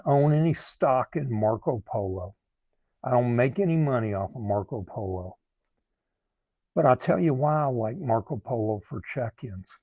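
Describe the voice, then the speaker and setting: A man speaking as a recovery coach, giving earnest advice to camera in a slow, thoughtful way that often repeats words. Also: mid-range voice, mellow, slightly rough, dry recording. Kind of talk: talking to camera, advice monologue.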